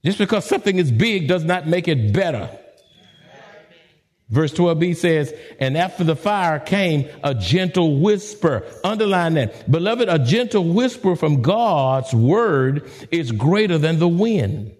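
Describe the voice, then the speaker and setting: A man with a high voice preaching a sermon. He swings from quiet, soft lines up to sudden high, urgent questions, in a dramatic preaching manner. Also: animated, unhurried. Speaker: pastor.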